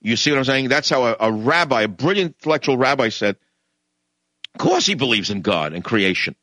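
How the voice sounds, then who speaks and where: A middle-aged man hosts a radio talk show with a combative, sarcastic monologue, swinging between mutters and loud, animated bursts. His pitch is medium and his pace brisk, on a dry recording.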